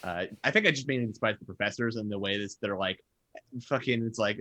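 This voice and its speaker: A man's voice: lowish voice, quick pace, sharp tone, no room sound. A man chatting casually on a live stream, rambling and self-mocking with frequent swearing. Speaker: tabletop game writer.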